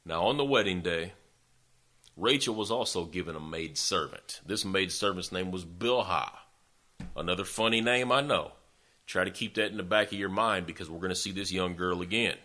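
A man preaching recounts a story with folksy animation, regularly speaking directly to those listening. His voice is low and his pace moderate.

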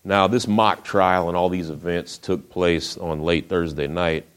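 A man preaching a sermon, retelling the story in a folksy way with acted quotes, often dropping to a hush. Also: low voice, fairly even intonation, unhurried.

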